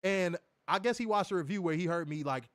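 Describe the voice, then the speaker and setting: A man's voice: high voice, fairly quick, no echo, clean studio sound. A man hosting a wrestling review show, talking in casual, profane banter and telling stories with mocking impressions. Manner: animated, mocking, lively storytelling with impressions.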